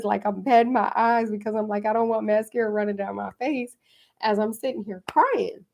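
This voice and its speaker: A woman's voice: medium pitch, a little fast, creaky, a little mellow. A woman hosting a podcast, talking casually and chattily about spirituality and card readings, with frequent fillers. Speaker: podcast host and card reader.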